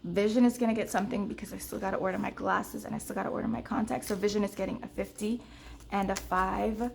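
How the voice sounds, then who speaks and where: Woman, young adult, casual vlog chat, animated storyteller, mid pitch, faint background hiss. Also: fast talker, gravelly. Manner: animated storytelling, addresses viewers directly; counts cash in a low murmur. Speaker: budgeting vlogger.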